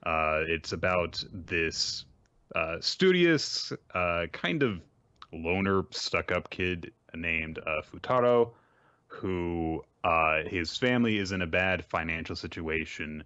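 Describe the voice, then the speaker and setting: A man hosting a podcast, summarizing a manga series in a rambling, measured way with lots of fillers. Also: low voice, expressive, sharp tone, smooth, no echo. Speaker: podcast host. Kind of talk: casual chat and series summary. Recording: dry, dull lo-fi mic.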